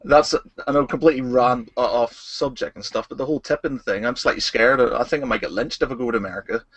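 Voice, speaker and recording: A man's voice: mid-range voice, fast, a bit bright, no room sound. A British man hosting a casual podcast over an online call, rambling and laughing at his own jokes. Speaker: podcast host.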